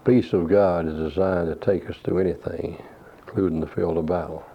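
A man's voice: low voice, fairly even intonation, fairly quick, vocal fry, breathy edge. A man preaching a sermon, asking rhetorical questions and quoting scripture. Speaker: pastor. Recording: dull lo-fi recording.

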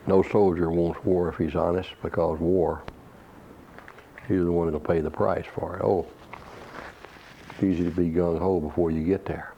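A man's voice: sits low, flat delivery, normal speed, long pauses, slight background noise. A man preaching a sermon, asking rhetorical questions and quoting scripture. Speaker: pastor. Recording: dull lo-fi recording.

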